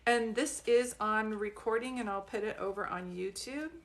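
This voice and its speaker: A chatty, giggly woman gives psychic readings on a live stream. She talks straight to her viewers, loose and conversational, and her voice sits at an ordinary middle pitch. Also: normal speed. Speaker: psychic medium.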